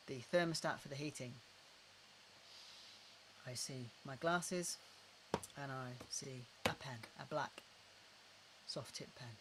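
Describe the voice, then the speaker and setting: A middle-aged man calmly guiding a tapping and breathing exercise, slow and repetitive, recorded indoors at his desk. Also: fairly high pitch, noisy background. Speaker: tapping practitioner. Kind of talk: guided tapping and breathing instruction.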